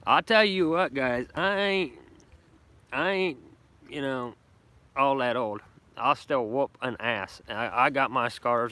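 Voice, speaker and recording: A middle-aged bushcraft vlogger live-streams casually from his woodland camp, rambling in brash, profane, boastful country talk. His medium-pitched voice is bright and forceful.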